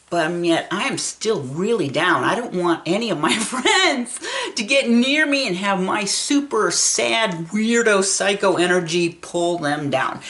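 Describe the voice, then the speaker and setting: A woman's voice: fairly low pitch, fairly bright tone. A woman in her sixties telling a personal story in a chatty vlog, laughing often as she talks. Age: 60s. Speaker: vlogger.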